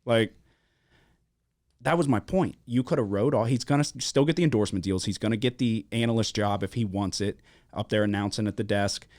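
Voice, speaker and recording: A man from Louisiana hosting a sports-betting podcast, telling a story in casual chat with a lot of swearing and animated emphasis. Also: lowish voice, fairly quick, no echo, clean studio sound. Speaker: podcast host. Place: studio.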